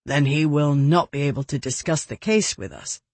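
A man's voice: fairly high pitch, normal speed, no echo, lightly acted. A narrator voicing an earnest, eager police inspector man in an audiobook.

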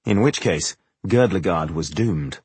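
A man reading fantasy narration for an audiobook in a measured, dramatic way. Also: deep voice, lively intonation, a little mellow, slightly rough, no room sound.

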